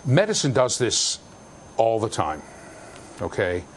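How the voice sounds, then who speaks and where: Animated, jokey male lecturer. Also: on the low side, takes it slowly, a little hiss or hum. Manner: animated, jokey, shouts for emphasis. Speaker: university lecturer. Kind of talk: classroom lecture. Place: lecture hall with students.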